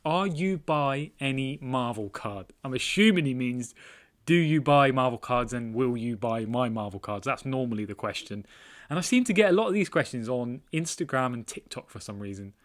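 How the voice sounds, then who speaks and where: A man with a slightly high, somewhat bright voice hosts a trading card collector channel. He answers viewer comments in a casual, self-deprecating chat, laughing often.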